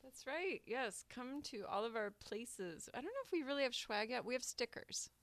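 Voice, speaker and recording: A woman's voice: a little high, lively intonation, moderate pace, a bit bright, no echo. A woman co-hosting a podcast in casual, upbeat chat. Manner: chatty and upbeat. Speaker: podcast co-host.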